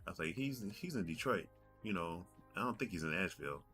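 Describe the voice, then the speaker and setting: A man's voice: deep voice, lively intonation, fast talker, a bit bright, soft background music. A man in his forties telling a rambling story on his gaming podcast, doubling back and repeating himself as he goes. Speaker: podcast host. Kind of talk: casual podcast monologue.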